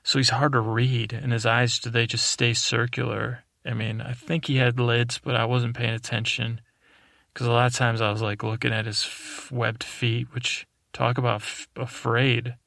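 A man hosting a podcast, telling a rambling improvised bedtime story in a meandering, deadpan way. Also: medium pitch, moderate pace, vocal fry, dry recording, studio quality. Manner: meandering, deadpan, full of restarts. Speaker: podcast host.

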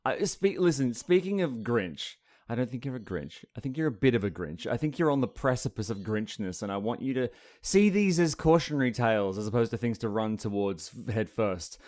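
A man's voice: mid-range voice, very animated, a little fast, hardly any pauses, darkish tone. A male podcast host with a mid-range voice who talks casually in a dry, teasing, sardonic way. Between the banter he reads news stories aloud.

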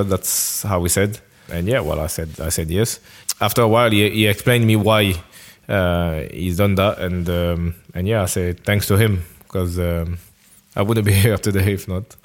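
Speaking at a normal speed in a deep voice, the man from France, once a footballer, responds to a casual interviewer. His replies come out haltingly, with many restarts as he hunts for the right words.

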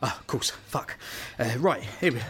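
An actor playing a gruff, foul-mouthed, emotional male football fan leader. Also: mid-range voice, animated, moderate pace, bright, forceful tone, slight background noise. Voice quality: gruff, swears constantly.

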